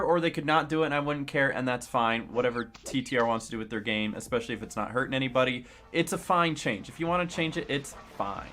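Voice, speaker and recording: A man's voice: medium pitch, fast, hardly any pauses, bright, forceful tone. A young man giving casual, rambling commentary while he plays, opinionated but shrugging, with many fillers and restarts. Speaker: gaming streamer.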